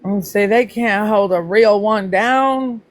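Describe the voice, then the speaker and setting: Chatty woman hosting a livestream. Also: takes it slowly. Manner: chatty, greets viewers by name, playful teasing; pitch jumps up high when greeting people. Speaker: livestream host. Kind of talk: casual livestream chat with viewers.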